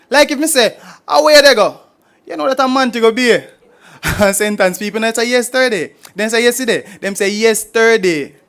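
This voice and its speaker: A man's voice: high voice, fairly bright tone. A Jamaican man performing humorous poetry at a live forum, playful and rhythmic, switching into Patois and chuckling between lines. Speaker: poet performer.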